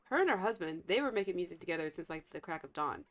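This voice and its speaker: A woman's voice: lowish voice, lively intonation, fast, fairly bright tone. Chatty woman streamer, rambling commentary. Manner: chatty, rambling, thinks aloud with restarts. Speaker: game streamer. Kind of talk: casual gameplay commentary.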